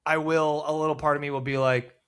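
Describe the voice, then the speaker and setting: A man co-hosting a sports podcast, chatting casually and telling animated stories with blunt, profane opinions. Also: fairly high pitch, fast, clean tone. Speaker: podcast co-host.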